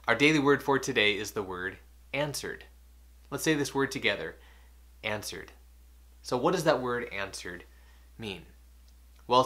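A man hosting a daily devotional, teaching earnestly and repeating key questions for emphasis, slowing and softening on key points. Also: fairly low pitch.

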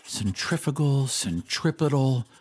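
A man's voice: medium pitch, lively intonation, measured pace, darkish tone, a little hiss or hum, voice pushed up, lightly acted. A man reading an audiobook, voicing an earnest schoolboy thinking a physics question through aloud. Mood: musing.

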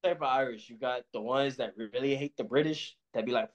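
A man's voice: mid-range voice, fairly quick. A young man from Los Angeles, a pro boxer, chatting casually in an interview in a laid-back, slangy way. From Los Angeles, USA. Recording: muffled lo-fi sound.

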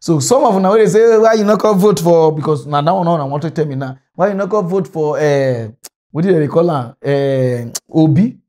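A man's voice: fairly high pitch, lively intonation, fairly quick, dark tone. Agitated Nigerian Pidgin man ranting. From Delta State, Nigeria. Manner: agitated, scolding, repetitive. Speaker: political commentator. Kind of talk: impassioned monologue rant.

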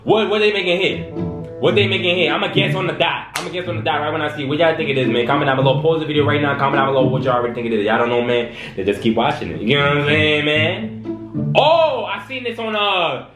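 Excitable slangy man reacting, echoey room. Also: a little high, fast talker. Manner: excitable, slangy, talks to viewers, lots of "bro" and "wow". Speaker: YouTube reaction host. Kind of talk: casual reaction commentary. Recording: echoey room with music behind.

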